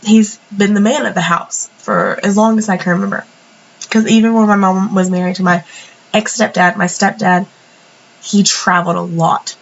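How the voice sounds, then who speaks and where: A woman's voice: mid-range voice, level tone, normal speed, highs cut off, a little hiss or hum. A young woman with a cold telling a story in a casual, rambling voice-over, full of fillers and restarts. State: sniffly from a cold. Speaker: planner vlogger.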